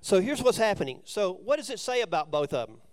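A man's voice: high voice, sing-song, a little fast, clear, resonant tone. A man preaching, who reads scripture aloud and then explains it in plain, conversational asides. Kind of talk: sermon with scripture reading.

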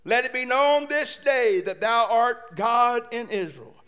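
A man preaching a sermon, shouting fervently at times and reading scripture aloud with playful asides. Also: very high voice, unhurried. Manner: playful asides while retelling the story.

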